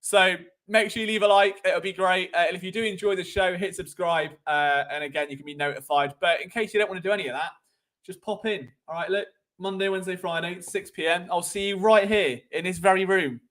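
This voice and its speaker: A young man with a British accent rambles through a casual sports live stream, teasing and joking as he goes. His speaking voice sits high for a man. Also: steady tone, a little fast, a bit bright. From Britain. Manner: cheeky, rambling, jokey. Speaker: sports show host.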